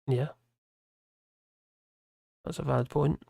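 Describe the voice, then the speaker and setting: Tired, gravelly live streamer. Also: mid-range voice, steady tone, warm tone, dry recording, studio quality. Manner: rambling, halting, with many restarts. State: tired and mumbling. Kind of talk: casual live stream commentary reading out chat.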